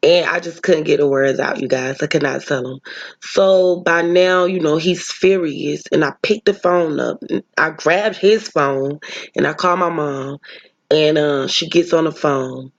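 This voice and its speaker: A woman's voice: low-pitched, measured pace, vocal fry, dull audio. A woman vlogger telling a personal story, talking earnestly and emotionally straight to her viewers.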